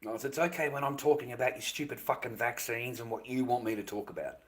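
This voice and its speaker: On his live stream, an Australian man rambles bluntly at a quick pace, his mid-range voice coming through a rough recording. He's profane and dismissive, repeats himself, and often drops into a mutter.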